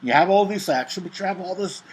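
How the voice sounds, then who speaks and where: A man's voice: sits high, quick pace, rough recording. A man co-hosting a casual chat about TV shows, rambling and hesitant, with many fillers and restarts. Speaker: show co-host.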